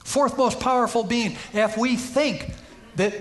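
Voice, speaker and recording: A man's voice: very high-pitched, a little slow, fairly bright tone. A man preaching a sermon in a church, telling a story and rising to emphatic peaks. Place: church sanctuary.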